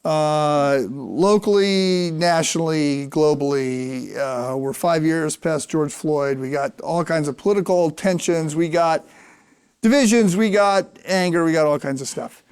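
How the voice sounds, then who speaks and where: High-voiced man asking halting questions. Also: darkish tone, smooth. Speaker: interviewer. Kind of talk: live on-stage interview.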